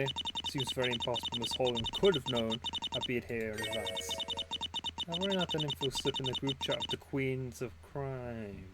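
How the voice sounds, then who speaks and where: A man's voice: medium pitch, heavy background noise, lightly acted. A man reading a brash, bluffing defense lawyer. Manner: brash, blunt, swears. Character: scrappy, bluffing young female defense lawyer. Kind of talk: let's play voice acting. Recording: loud game music behind.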